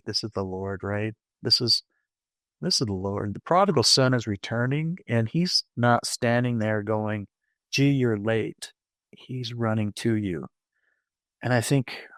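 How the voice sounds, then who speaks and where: Sharing his personal testimony on a podcast, this man tells it in an animated way, voicing his own inner thoughts and frequently starting sentences over. His pitch is fairly low, and the recording is dry.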